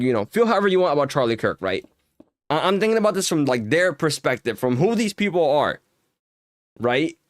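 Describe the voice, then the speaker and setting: A man's voice: a little high, no room sound, studio quality. A young man streaming and chatting casually while gaming, ranting heatedly with lots of swearing and filler words.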